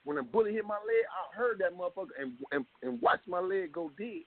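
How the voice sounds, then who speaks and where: A man guest telling his story in an animated way, full of street slang and swearing, heard on a tinny phone line. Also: high voice, fairly quick, creaky. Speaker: rapper guest. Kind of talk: phone interview.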